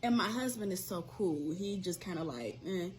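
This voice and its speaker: A woman's voice: fairly low pitch, animated, normal speed, darkish tone, faint music behind. A woman ranting bluntly and with swearing about coworkers in a casual monologue. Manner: blunt, profane, sassy. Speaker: commentator. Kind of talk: casual rant.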